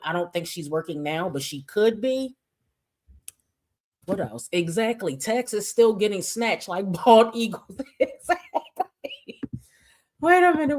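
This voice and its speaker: A woman's voice: medium pitch, darkish tone. A woman hosting a livestream, ranting in a blunt, profane and emphatic way. She reads viewers' chat comments aloud and fires back her own opinions between them. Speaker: livestream host.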